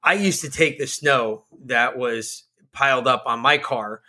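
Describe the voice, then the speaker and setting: A man's voice: medium pitch, unhurried, pushed and bright. A man co-hosting a casual political podcast, ranting with lots of profanity. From Georgia, USA. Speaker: podcast co-host.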